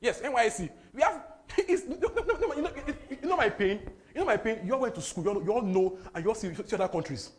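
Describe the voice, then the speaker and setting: A young man from Nigeria with a Nigerian English accent, preaching a lively sermon that repeats phrases and slips into pidgin. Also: very high voice, fast, few pauses. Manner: animated, repetitive, breaks into laughter and pidgin.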